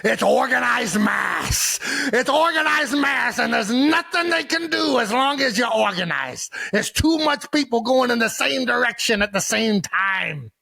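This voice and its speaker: A man putting on the voice of a blunt Scottish rugby coach with a Scottish accent, loud and emphatic. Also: very high voice, expressive, a little slow, gravelly, few pauses, voice pushed up, exaggerated voice.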